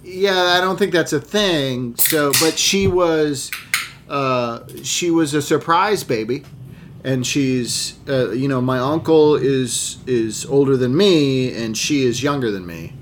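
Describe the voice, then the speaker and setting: A man's voice: medium pitch, takes it slowly, a little hiss or hum. A man co-hosting a casual podcast, rambling with many restarts and swearing freely. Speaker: podcast co-host.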